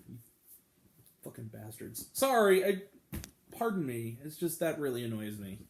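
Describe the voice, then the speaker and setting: A man's voice: on the high side, echoey room. A man hosting a movie review video, chatty and enthusiastic, with bursts of swearing. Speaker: movie review channel host. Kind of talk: casual talk-to-camera review vlog.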